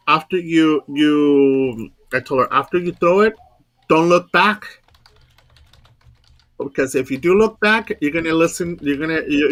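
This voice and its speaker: Man, somewhat high voice, bright tone, rambling repetitive storytelling. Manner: repetitive, rambling retelling with quoted dialogue. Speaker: guest storyteller. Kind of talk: casual storytelling.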